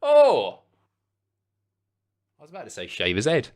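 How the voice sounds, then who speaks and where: A man in his thirties hosting a casual livestream, reading chat messages aloud, sweary and rambling, jumping between loud outbursts and mumbles. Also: lowish voice, very animated, rapid-fire.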